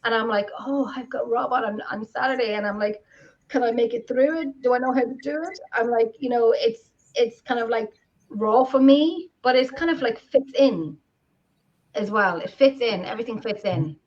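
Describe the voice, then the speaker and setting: Her voice is a little high and a little mellow, moving at a moderate pace as she co-hosts a live video podcast. This Irish woman chats and rambles with many restarts over lo-fi video-call sound.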